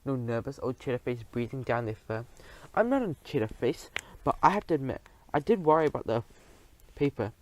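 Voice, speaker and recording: A man reading a children's audiobook aloud as a first-person narrator, in a lively, expressive telling. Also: medium pitch, brisk, a little hiss or hum, rough recording.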